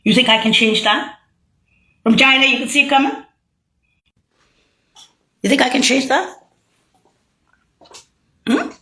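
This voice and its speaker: A woman's voice: high voice, unhurried, long pauses, bright, forceful tone. A woman in a rambling, profane, sarcastic monologue, agitated and mocking. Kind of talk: ranting monologue to camera.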